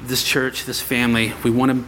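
A man in his thirties tells a personal story from the pulpit, full of energy and quoting the voices of the people in it. His pitch sits in the middle, and faint room ambience from the church hangs behind him. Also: fairly quick, a little hiss or hum. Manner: animated storytelling, acts out quoted voices. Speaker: pastor. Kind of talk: sermon storytelling to a congregation. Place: church sanctuary.

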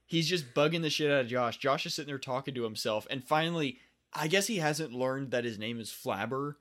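Hesitant mid-pitched podcast guy. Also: a little fast, a bit bright. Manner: hesitant, filler-heavy. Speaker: podcast co-host. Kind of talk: casual chat recapping a TV show.

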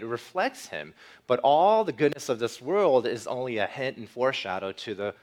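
A male pastor delivering a sermon with earnest emphasis, easing into a quiet closing prayer. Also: medium pitch. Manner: earnest preaching, rising for emphasis, softening into prayer.

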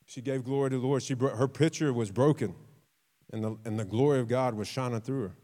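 A man preaching a sermon, telling stories with acted quotes, repeating himself and dropping suddenly to a quiet voice. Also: mid-range voice, brisk. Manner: repeats and restarts words, conversational.

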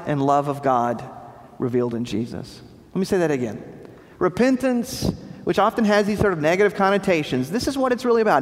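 Male pastor, high voice, preaching with emphatic repetition, dropping low at phrase ends; recorded in a reverberant hall. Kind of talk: sermon. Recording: long reverb of a large hall.

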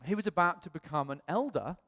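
A man preaching, telling a personal story with animated delivery and self-mocking humor, acting out what others said. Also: on the high side, fast. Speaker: pastor. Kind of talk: personal testimony sermon. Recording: long reverb in a hall.

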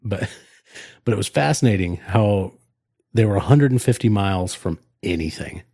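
Low-voiced man chatting loosely. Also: expressive, moderate pace, creaky, warm tone, no echo, clean studio sound. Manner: rambling, many fillers and restarts. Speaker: podcast co-host. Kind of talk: casual chat.

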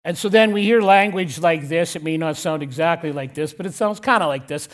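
A male pastor preaches a sermon in church, speaking bluntly and directly in a voice on the high side. He repeats key lines and slows down, dropping his voice on the important words.

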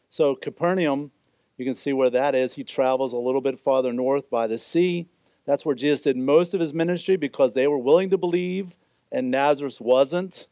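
A man's voice: medium pitch, a little mellow, no room sound, dull audio. A man preaching a sermon as pastor, explaining scripture in an earnest way and briefly acting out the voices he quotes.

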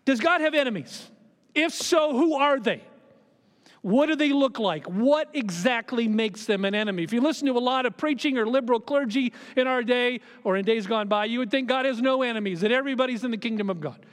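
Middle-aged male pastor, higher voice, storytelling sermon, swings from hushed to emphatic; church hall echo. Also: brisk. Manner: storytelling, shifts between quiet asides and emphatic raised lines. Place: church sanctuary. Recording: long hall reverb of a church.

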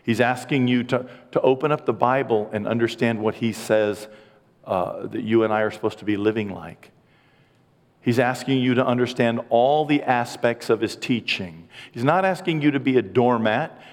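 In a church sanctuary, a pastor in his sixties delivers a sermon in an earnest, emotional way, slipping in self-deprecating asides. His mid-range voice moves at a normal speed, trailing a long reverb tail.

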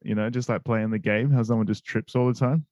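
A man's voice: lowish voice, fairly even intonation, brisk, a little mellow, dry recording, muffled recording. Blunt, sweary Australian guy. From Perth, Australia. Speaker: podcast guest. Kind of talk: casual chat.

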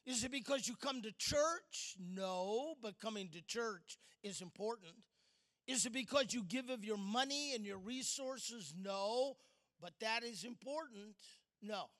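A man's voice: high-pitched, unhurried, fairly bright tone. A man preaching a sermon at a church service, playful and leading the congregation to turn and speak to each other. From outside Chicago. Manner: playful, leads audience in call-and-response. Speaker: guest preacher.

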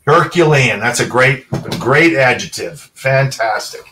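A middle-aged man, a former pro football player, telling animated stories as a guest and acting out other people's lines. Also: medium pitch, unhurried, background noise. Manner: animated anecdotes, acts out quotes. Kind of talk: storytelling interview. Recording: voice a bit far from the mic.

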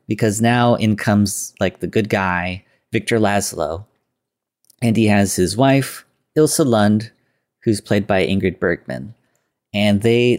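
Male podcast host, slightly low-pitched, rambling casual recap. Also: darkish tone. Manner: loose retelling with quoted lines and filler words.

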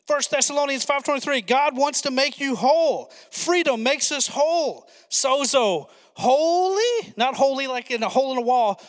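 A male pastor preaching a sermon with excited, fast-talking energy and asides to the congregation. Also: very high-pitched, in a large hall.

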